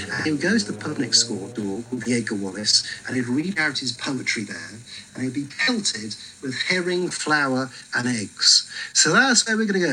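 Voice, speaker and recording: A man leading a walking tour outdoors on a city street, telling stories in a lively way with frequent fillers. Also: medium pitch, a little hiss or hum, low-quality recording.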